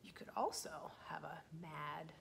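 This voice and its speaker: Gentle woman leading a children's storytime. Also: low-pitched, vocal fry, a little hiss or hum. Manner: gentle, slow and encouraging, talking to small children, often dropping to a whisper. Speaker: children's librarian.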